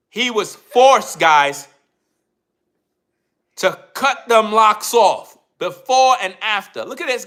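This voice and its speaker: A man's voice: high voice, pushed and bright. A man giving an emphatic commentary rant as a YouTube commentator, repeating himself and addressing viewers directly.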